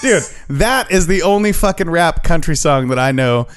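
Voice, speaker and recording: A man's voice: on the high side, lively intonation, normal speed, over music. A man co-hosting a podcast who argues his points emphatically, swears a lot and laughs often. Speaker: podcast co-host. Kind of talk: casual podcast banter.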